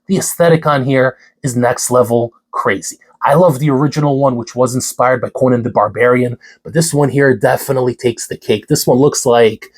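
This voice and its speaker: A young man with a husky, congested voice and a middle-range pitch talks through a product review with hyped, slangy energy. His voice sounds worn from a cold, yet he keeps pushing through the vlog. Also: brisk, hardly any pauses. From New York City. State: congested, hoarse voice. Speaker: supplement reviewer.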